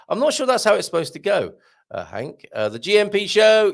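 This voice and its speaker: A man hosts a live online show and reads out viewer comments. He talks in a lively, up-and-down way with a gravelly edge to his voice. He is jokey and laughs often, tripping over words as he goes. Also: sits high, fairly quick. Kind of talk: live-stream chat reading viewer comments.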